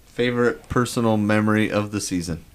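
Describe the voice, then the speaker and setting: A man hosting a podcast in casual chat, brisk and jokey as he moves through the categories. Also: on the low side, a little hiss or hum. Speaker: podcast host.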